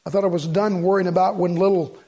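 A man's voice: high voice, flat delivery, fast, dark tone, a little hiss or hum. An older man preaching a funeral sermon, reading scripture aloud and repeating phrases fervently for emphasis. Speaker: pastor.

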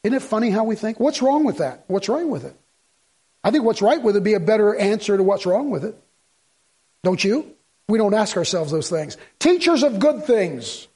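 Husky, high-voiced man preaching emphatically. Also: expressive, brisk, darkish tone. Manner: folksy, emphatic preaching with rhetorical questions. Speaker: pastor. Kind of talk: sermon.

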